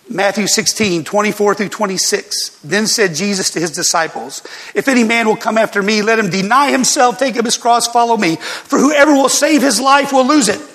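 An older man, a pastor, telling a personal story in a sermon and reading scripture, with animated laughter between lines. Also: high voice, in a large hall.

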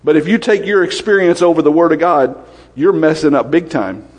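A man preaching a sermon, quick-fire and lively, often asking questions of the congregation. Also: fairly high pitch, in a large hall.

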